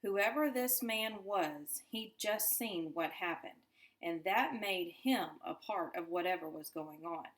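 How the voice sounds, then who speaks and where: A teacher reading a chapter book aloud to her class, in an unhurried, lowish voice. She takes each sentence slowly and deliberately, savoring the story. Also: expressive, a bit bright. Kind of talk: children's book read-aloud.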